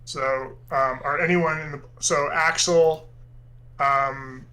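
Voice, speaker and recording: A man's voice: fairly high pitch, fairly even intonation, slow pace, pushed and bright, poor audio. A man playing a tabletop game, hesitant and full of ums. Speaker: player.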